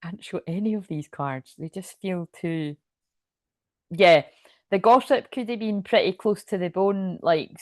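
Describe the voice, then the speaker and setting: A woman's voice: on the low side, no room sound. A woman reading tarot cards on a live stream, chatty and laughing often, with rambling asides. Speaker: tarot reader.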